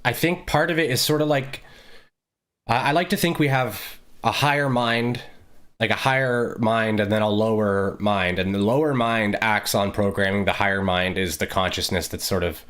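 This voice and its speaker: Low-voiced man musing aloud. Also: normal speed, a bit bright. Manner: reflective, rambling, many fillers and restarts. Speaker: podcast co-host. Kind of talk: casual conversation.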